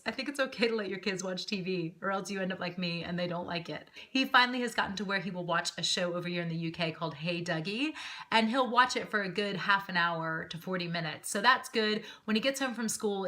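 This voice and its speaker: A woman in her thirties chatting casually to camera as a vlogger, animated and laughing often. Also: medium pitch.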